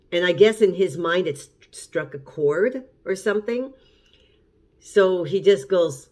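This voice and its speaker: A woman's voice: fairly low pitch, darkish tone. Middle-aged woman telling a story. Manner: chatty, repeats and restarts while recounting events. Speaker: cooking channel host. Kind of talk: casual storytelling to camera.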